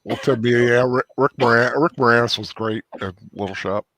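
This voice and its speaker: A man's voice: mid-range voice, brisk, a bit bright, dry recording. A man chatting casually over a movie commentary, hesitant and laughing along with friends. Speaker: film commentator.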